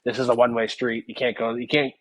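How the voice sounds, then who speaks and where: A man's voice: mid-range voice, level tone, fast talker, no room sound. A young man, a firefighter guest on a podcast, talking casually and easygoingly with lots of fillers. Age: young adult. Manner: easygoing, agreeable, filler-heavy. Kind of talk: casual interview chat.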